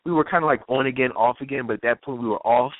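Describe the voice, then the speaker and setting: A man's voice: mid-range voice, fast talker, dry recording. A man hosting a call-in talk show, telling stories casually, laughing often and acting out quoted voices. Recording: tinny phone-line sound, dry.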